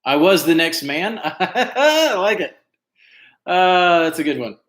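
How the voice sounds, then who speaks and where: High-pitched and sing-song with a fairly bright tone, this trivia host speaks slowly. He chats casually on a livestream, filling his reading of team names with fillers, and the room echoes.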